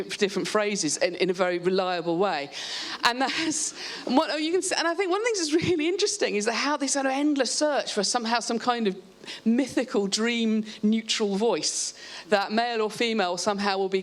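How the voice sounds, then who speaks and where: A woman speaking on a live panel, explaining her ideas in a lively way and restarting her sentences often. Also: medium pitch. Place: stage at a live event.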